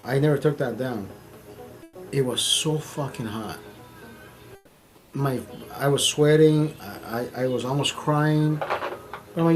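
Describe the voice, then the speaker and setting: Animated, profane man telling a story. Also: mid-range voice, slow pace, pauses often, music in the background. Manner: profane, animated, repeats himself. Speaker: streamer host. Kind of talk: casual storytelling.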